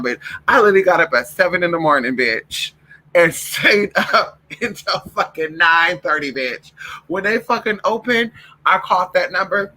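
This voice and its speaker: A man's voice: high-pitched, expressive, a little fast, bright, forceful tone, low-quality recording. A man talking straight to his viewers, telling stories in a sassy, profane way and calling them girl and y'all. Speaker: vlogger. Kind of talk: casual storytelling to viewers.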